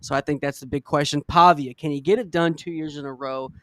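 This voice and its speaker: Guy hosting a sports pod, smooth clear voice, dry close sound, kinda rambly. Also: on the high side, steady tone, brisk, a bit bright, no room sound. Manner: casual, rambling, says "man" often. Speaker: podcast host. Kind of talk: casual sports talk.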